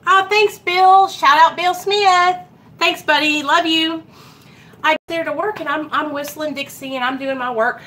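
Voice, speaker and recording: Bright-voiced earnest woman vlogging. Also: sits high, unhurried, a little hiss or hum. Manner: earnest and animated, addressing viewers directly as "you guys". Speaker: recovery vlogger. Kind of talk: casual livestream-style talk to viewers.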